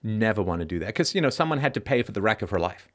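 Speaking rapid-fire with big swings in a lowish pitch, this middle-aged call-in host delivers a blunt, emphatic monologue. He swears freely and punctuates his points with "right?"

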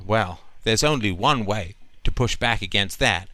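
A man's voice: lowish voice, measured pace, sharp tone, dry recording. A male host talking emphatically in a long, flowing monologue, often checking in with "right?". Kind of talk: call-in conversation.

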